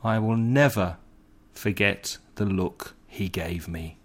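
A middle-aged man teaching slang in a slow, deliberate podcast lesson. He spells words out letter by letter and acts out short example phrases. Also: deep voice. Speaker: English teacher, podcast host. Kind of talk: scripted language lesson.

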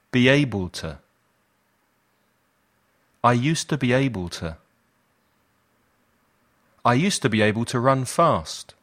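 Slow, deliberate male teacher. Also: medium pitch, fairly bright tone. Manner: slow, deliberate repetition for learners. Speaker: English teacher. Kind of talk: slow language lesson drills.

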